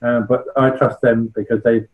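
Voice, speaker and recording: A man's voice: mid-range voice, level tone, moderate pace, narrow, tinny audio. Chatty older West Country man. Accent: West Country English. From West Country of England. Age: 60s. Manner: chatty and anecdotal, checking in with "right?". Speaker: charity founder giving a talk. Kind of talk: informal talk to a club meeting.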